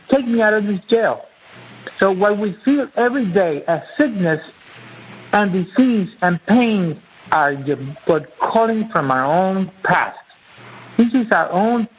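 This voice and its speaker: A man's voice: high voice, muffled recording, slight background noise. A man guest, an author and acupuncturist, explaining his teaching in an earnest, repetitive, teacherly way during an interview.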